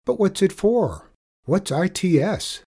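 A man voicing a curious, eager schoolgirl who asks excited questions in a storybook reading. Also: high-pitched, slow, slightly rough, pitched above the performer's own voice, heavily acted.

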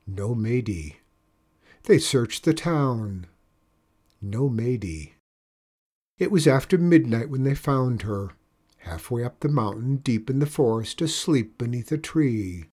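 A man narrating a children's storybook aloud in a slow, expressive way. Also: medium pitch. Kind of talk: storybook reading.

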